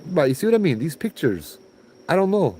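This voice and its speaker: A man's voice: a little high, big pitch swings, fairly quick, warm tone, slight background noise. A man with a Hawaiian accent casually telling a ghost story in a laid-back, chatty way, full of island slang, outdoors under a tree.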